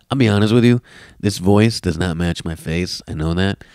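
A young man from Queens, New York, hosting his own comedy podcast, ranting in a brash, mocking, profane way with a smooth deep radio voice, recorded on a laptop mic. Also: unhurried, darkish tone, no room sound, clean studio sound. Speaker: podcast host. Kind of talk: comedic solo podcast rant. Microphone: laptop camera mic.

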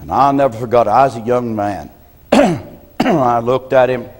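A man, a pastor from the United States, preaching a sermon in a folksy storytelling way and often clearing his throat. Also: mid-range voice, a little slow. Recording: long hall reverb.

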